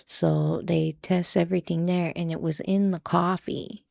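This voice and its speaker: A woman's voice: lowish voice, steady tone, unhurried, gravelly, darkish tone, no echo, clean studio sound. A woman casually retelling something she saw in a video, matter-of-fact.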